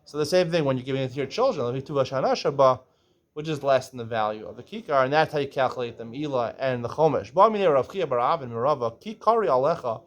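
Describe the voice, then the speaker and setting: A man with a mid-range voice teaches a relaxed Talmud lesson. He reads Aramaic phrases aloud, translates them, and walks through each step of the argument, often checking in with a quick "right?". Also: mid-range voice, dull audio.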